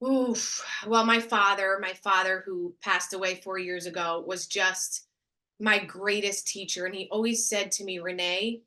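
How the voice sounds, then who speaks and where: A woman with a bright, ringing voice talks eagerly and expressively in a casual interview. Her tone lifts with enthusiasm as she shares her thoughts. She is heard through a video call microphone. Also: medium pitch, fairly even intonation, unhurried. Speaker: guest, actress and speaker.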